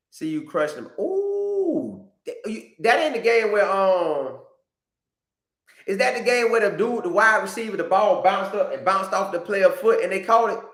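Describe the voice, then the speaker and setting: A man hosting a casual live stream, talking straight to his viewers in an animated, repetitive way. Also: a little high, reverberant. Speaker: podcast host reading live chat.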